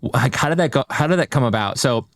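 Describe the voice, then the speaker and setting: Fast-talking excitable podcast host man. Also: medium pitch, no echo, clean studio sound. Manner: excitable, slangy, rapid questions, says "bro" and "dude". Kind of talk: casual chat interview.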